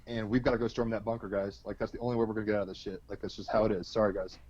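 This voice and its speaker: A man playing a brisk male soldier who splits his squad into teams. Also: lowish voice, level tone, a little mellow, slightly rough, lo-fi sound. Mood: urgent. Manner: bossy and upbeat.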